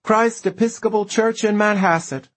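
A man voicing an aging flamboyant male writer, drunk and wistful, with a husky, pitched-up, fluttery delivery. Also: moderate pace. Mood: insistent. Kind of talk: audiobook character voice.

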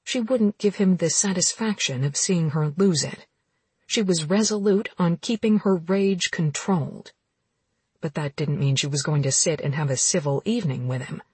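Woman audiobook narrator, husky low voice, dry close mic. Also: moderate pace, a little mellow, dry recording. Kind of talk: scripted romance narration.

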